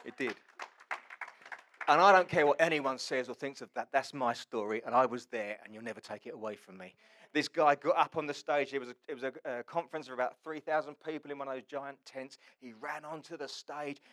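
A man preaching a sermon, telling the story with wry, sarcastic humour and swinging between loud and hushed. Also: mid-range voice, brisk.

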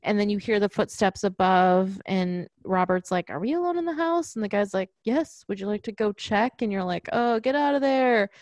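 A woman's voice: medium pitch, steady tone, moderate pace, hardly any pauses, darkish tone, no room sound. A woman in casual conversation about a film, retelling scenes and quoting the characters' lines. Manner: chatty, retells scenes with quoted lines, frequent restarts. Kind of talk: casual movie discussion.

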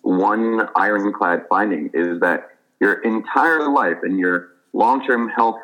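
A man, an author trained as a physician, talking thoughtfully in an interview and telling a story in a measured way. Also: fairly low pitch, fairly bright tone, poor audio. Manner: thoughtful, measured, with fillers and restarts.

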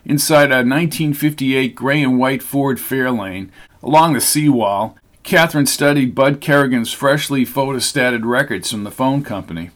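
In a mid-range voice, a man narrates an audiobook from a script, keeping his reading steady and measured.

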